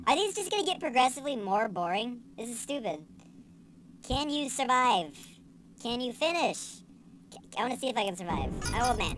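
A young woman giving casual let's-play commentary, excitable and sarcastic, swearing and yelling at the game. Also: on the high side, normal speed, long pauses, music in the background. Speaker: gaming channel host.

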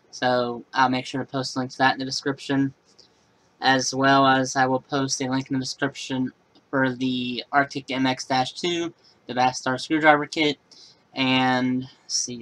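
A man's voice: medium pitch, fairly bright tone, rough recording. A man casually talking through a laptop repair in a how-to vlog, rambling and matter-of-fact. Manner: rambling, many fillers and restarts. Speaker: computer repair vlogger.

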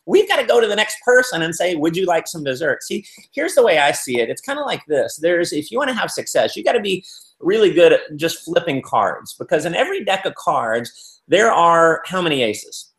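Animated man with a gravelly, high voice. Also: fairly quick. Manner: animated storyteller acting out quotes. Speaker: business speaker. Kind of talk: motivational talk. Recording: roomy echo.

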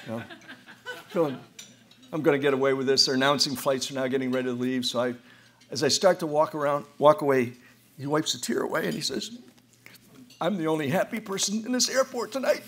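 An American man past sixty speaks fairly quickly in a slightly high, fairly bright voice, pausing often. As a roundtable speaker before an event-hall audience, he shares funny stories with a wry, self-deprecating slant and tends to restart his sentences.

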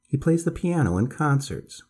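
Man voicing a blunt impatient little girl, storybook, raised pitch, husky edge. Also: very animated, normal speed, darkish tone. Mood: proud. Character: bold six-year-old girl, proud and impatient.

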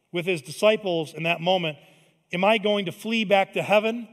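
Pastor, male, conversational preacher, loud then hushed, church hall echo. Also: high-pitched, moderate pace. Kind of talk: sermon. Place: large church sanctuary. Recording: long hall reverb.

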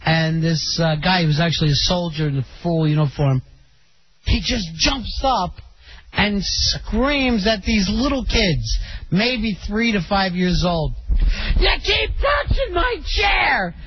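A man's voice: high voice, animated, measured pace, husky. A man hosting a talk radio show, chatting with callers in a wry, drawling way. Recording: dull lo-fi radio broadcast.

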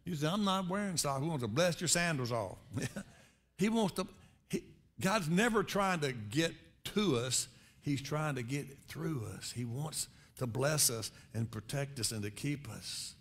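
A man preaching a sermon as pastor, conversational, swinging between quiet reflection and loud emphatic rises. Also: animated, measured pace, breathy edge. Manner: conversational preaching with sudden rises in pitch and volume.

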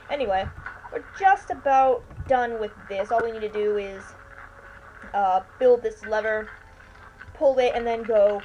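A woman's voice: fairly high pitch, a little slow, lo-fi sound. Tired, chatty woman playing a game. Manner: chatty, rambling, keeps saying "anyway". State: tired and yawning. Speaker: let's player. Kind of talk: casual gameplay commentary. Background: faint washing machine hum.

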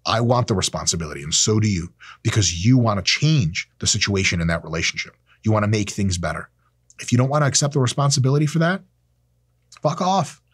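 Speaking briskly and animatedly, a thirtysomething man with a low-leaning, breathy voice hosts a profane to-camera monologue. The close camera mic gives a dry, clean studio sound, and he's blunt and sarcastic, doing silly voices for anyone he quotes.

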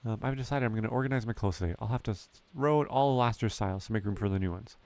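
A man's voice: lowish voice, racing, a little mellow, lightly acted. A man reading the lines of a fashion-loving young woman villager from a farming game. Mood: pleased. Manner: reads game dialogue aloud lightly.

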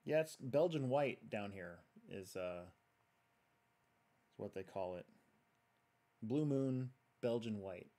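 A man hosts a casual livestream, rambling and chatting while he works on a build and reads viewer comments aloud. His voice is on the low side and dark in tone, with lively intonation, a slow pace and long pauses.

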